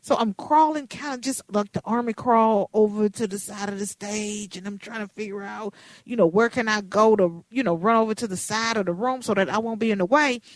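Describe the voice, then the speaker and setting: A woman in her fifties, a radio host, telling a story in a lively, dramatic, playful way. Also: mid-range voice, brisk, no room sound. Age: 50s.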